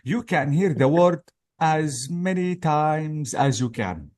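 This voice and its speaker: This English test-prep teacher speaks slowly in a fairly high, animated voice with a darkish tone. His exam-practice lesson is hesitant but patient, moving point by point and pausing frequently to make sure students are following.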